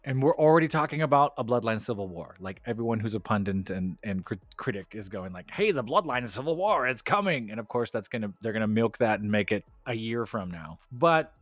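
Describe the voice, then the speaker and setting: A man co-hosting a wrestling podcast in casual chat, opinionated and animated, laughing often. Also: on the low side, fairly quick, hardly any pauses, no room sound.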